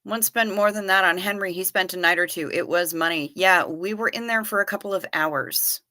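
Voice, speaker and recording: Bright-voiced, wry woman chatting on a livestream. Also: on the low side, brisk. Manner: chatty and wry, casually profane. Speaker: livestream host reading viewer chat. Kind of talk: casual chat.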